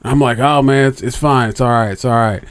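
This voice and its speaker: In a fairly quick, mid-range voice with fairly even intonation, this middle-aged man swears casually while telling a lengthy, meandering story. Fillers and false starts are frequent, and his voice rises as he quotes others.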